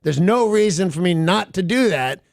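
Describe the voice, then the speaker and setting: A man's voice: high-pitched, expressive, normal speed, vocal fry, dry recording, studio quality. A man hosting a morning radio show, telling a rambling story with wry self-mocking humor. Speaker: radio host. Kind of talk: casual morning radio chat.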